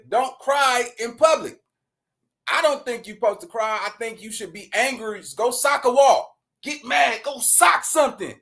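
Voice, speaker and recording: A man with a strikingly high voice rants in loose, profane street talk, jumping between firm points and laughter. He talks casually to his viewers with a lot of animation. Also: a bit bright. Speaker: commentary streamer. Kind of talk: casual reaction commentary.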